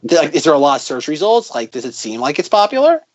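A man's voice: a little high, very animated, quick pace. A man co-hosting a podcast, chatting casually and joking, rambling with many restarts. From United States. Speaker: podcast co-host. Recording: dull lo-fi audio.

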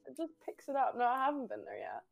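A woman's voice: sits high, wildly swooping pitch, fast, vocal fry. Woman, casual chat, mixed British-Australian accent, laughs a lot; faint music underneath. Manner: chatty, laughs often, mixes British and Australian slang.

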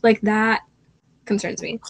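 A young woman co-hosting a casual podcast, rambling through animated retellings full of restarts. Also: medium pitch, unhurried, crowd noise, rough recording. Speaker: podcast co-host. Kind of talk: casual chat. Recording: faint background noise.

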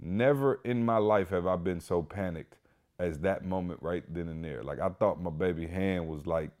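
A man hosting a podcast, telling a story in a casual, animated way, emphatic and full of "like" and "y'all". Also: low voice, normal speed. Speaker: podcast host.

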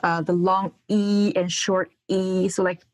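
A woman's voice: mid-range voice, little pitch movement, slow pace, no room sound. A young woman from China whose first language is Mandarin, a graduate student explaining her language carefully with examples in a casual interview. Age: young adult.

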